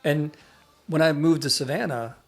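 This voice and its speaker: A man's voice: on the high side, fairly even intonation, moderate pace, gravelly, breathy edge, faint music behind. A man from the American Midwest co-hosting a podcast, telling rambling stories and often correcting himself. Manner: rambling, self-correcting storyteller. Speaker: podcast co-host. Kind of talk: casual chat.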